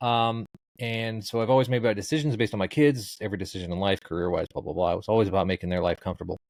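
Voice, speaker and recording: Middle-aged male guest, low, dry close sound, rambling laid-back storyteller with deadpan humor. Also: very fast, no room sound. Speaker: guest, social media comedian. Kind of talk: casual interview chat.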